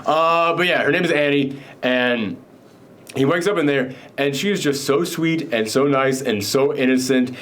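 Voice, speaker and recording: A man's voice: medium pitch, normal speed. Rambling man recapping a film. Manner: rambling, filler-heavy, animated. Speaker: film reviewer host.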